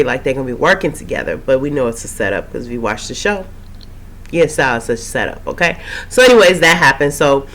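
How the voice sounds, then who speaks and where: A woman recapping a TV episode in a casual, rambling way, her voice slightly hoarse after a cold. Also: low-pitched, fairly bright tone. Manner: chatty, rambling, with frequent fillers and asides. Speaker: TV recap host.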